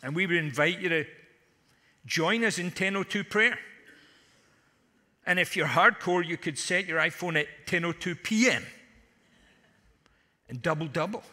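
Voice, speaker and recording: Preacher, bright ringing voice. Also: male voice, high voice, a little slow, pauses often. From Scotland. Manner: humorous storytelling with punchy asides. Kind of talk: conference sermon. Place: large conference hall. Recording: long hall reverb.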